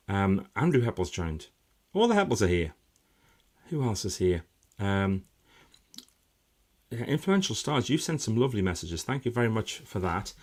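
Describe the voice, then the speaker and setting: A middle-aged man hosts a casual live stream, his voice a touch lower than most. He talks in a chatty, upbeat way, full of little fillers and sudden bursts of excitement. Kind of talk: casual live-stream chat reading out viewer comments.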